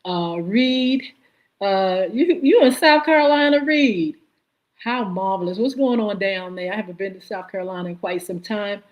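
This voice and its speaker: Woman, live podcast host, mid-pitched, lots of filler pauses, chatty shout-outs to viewers. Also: muffled recording. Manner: halting, many filler "uh"s. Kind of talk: live-stream podcast, greeting chat viewers.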